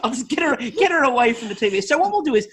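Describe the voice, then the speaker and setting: A man's voice: extremely high pitch, sing-song, racing, background noise. An Australian man hosting a podcast, chatting in a playful, teasing way. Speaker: podcast host. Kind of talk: casual podcast chat.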